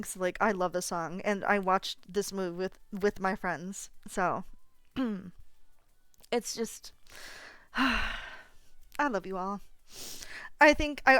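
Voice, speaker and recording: A woman's voice: medium pitch, a bit bright, clear, resonant tone, no room sound. A young woman streamer chatting casually and emotionally to her viewers, gushing with lots of fillers and restarts, teary and close to crying. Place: home apartment.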